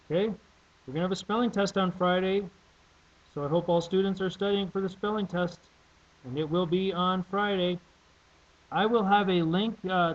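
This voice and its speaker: A man teaching a classroom lesson, speaking slowly and deliberately and repeating each word for spelling. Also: sits high, highs cut off.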